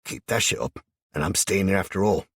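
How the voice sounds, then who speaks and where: A man's voice: low-pitched, fairly quick, slightly rough, no echo. A man voicing a wary, sarcastic young male companion in an audiobook, answering with dry, blunt retorts. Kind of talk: audiobook character voice.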